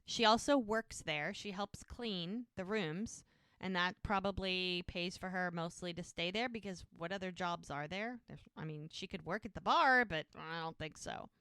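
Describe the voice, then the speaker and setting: A woman's voice: mid-range voice, sharp tone, clear, resonant tone, no echo, studio quality. Chatty woman recapping a show. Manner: chatty, retells scenes by quoting the characters. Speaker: podcast co-host. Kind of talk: casual episode recap.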